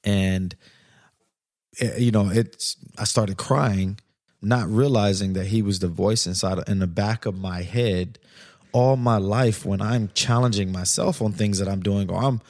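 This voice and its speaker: A man's voice: on the low side, a little slow, darkish tone, no echo, clean studio sound. Earnest man hosting a parenting podcast. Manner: earnest, reflective storytelling with direct advice to listeners. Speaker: podcast host.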